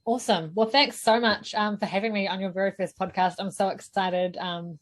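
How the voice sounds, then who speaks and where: A woman's voice: mid-range voice, steady tone, fairly quick. A young woman speaking as a podcast guest, chatting casually in a frank, sarcastic, joking way. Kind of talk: casual chat.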